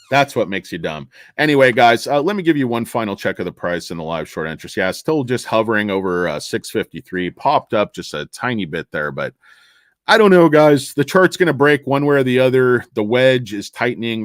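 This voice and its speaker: A man's voice: fairly low pitch, no echo, clean studio sound. A man hosting a casual stock market livestream, rambling and joking with crude, profane asides.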